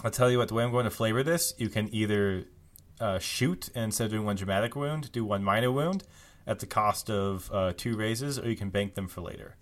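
Narrating a tabletop game as its game master, a man speaks a little fast in a lowish voice. His delivery is easygoing and full of fillers.

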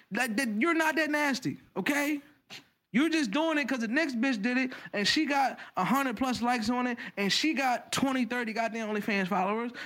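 High-voiced man ranting on a podcast. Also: fairly bright tone. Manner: profane, blunt ranting. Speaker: podcast co-host. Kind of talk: casual podcast chat.

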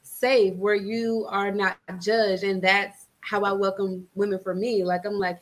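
A woman from Atlanta talking as a fitness-trainer guest in a casual podcast interview, lively and quick to laugh. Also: medium pitch. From Atlanta, Georgia, US. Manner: animated, acts out quoted voices, laughs easily.

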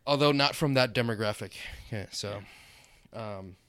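A man's voice: on the low side, moderate pace, a bit bright, dry recording. A man co-hosting a podcast in casual chat, with a teasing, wry sense of humor. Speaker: podcast co-host.

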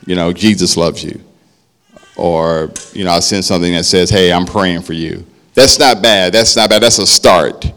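Low-voiced man preaching conversationally. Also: fairly bright tone, smooth. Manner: conversational preaching, often asking "right?". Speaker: pastor. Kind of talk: sermon.

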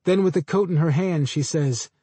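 A man reading first-person literary fiction aloud in a measured, understated way. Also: a little high, mellow, slightly rough, no room sound. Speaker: audiobook narrator.

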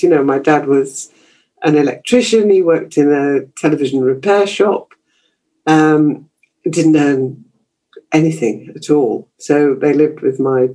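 A woman's voice: sits low, dark tone, low-quality recording. An older woman from Yorkshire with a received pronunciation accent, a broadcaster chatting as an interview guest about her childhood, self-deprecating and full of fillers. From Yorkshire, England. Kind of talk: reminiscing interview talk.

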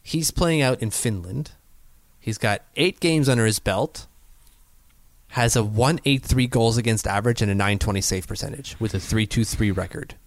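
A man's voice: fairly low pitch, normal speed, no echo. A man co-hosting a casual sports podcast, rambling and hedging as he talks. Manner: rambling, hedging, lots of fillers and restarts. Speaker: podcast co-host.

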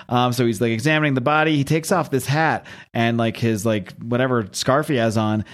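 A man's voice: mid-range voice, fairly quick. A man with a mid-range voice talks in a loose, chatty way, recapping a comic on a podcast. He jumps into character voices and laughs at himself. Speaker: podcast host. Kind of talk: casual chat, comic book recap.

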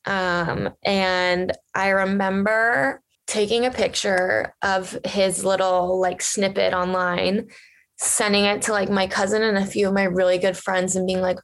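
A woman's voice: mid-range voice, level tone, unhurried. A young woman vlogger telling a story to her viewers in a chatty, gushing way, full of fillers. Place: lives in Los Angeles area.

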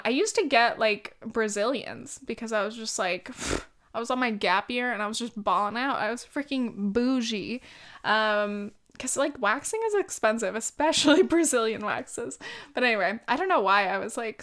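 A woman's voice: fairly high pitch, normal speed, a bit bright. A woman in her twenties hosting a podcast, chatting candidly and rambling with lots of likes and ums. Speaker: podcast host. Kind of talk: casual solo chat.

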